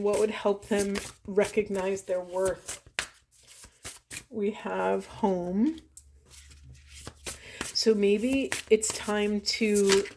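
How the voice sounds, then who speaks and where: A woman, a spiritual coach, doing an oracle card reading to camera in a soft, earnest, heartfelt way that turns tearful. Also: medium pitch, background noise.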